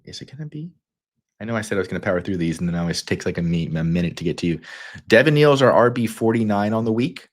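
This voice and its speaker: Southern male stream host, low-pitched, goofy and rambling, quick bursts of energy. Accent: Southern American. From Kentucky. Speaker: fantasy football livestream host. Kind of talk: casual livestream talk.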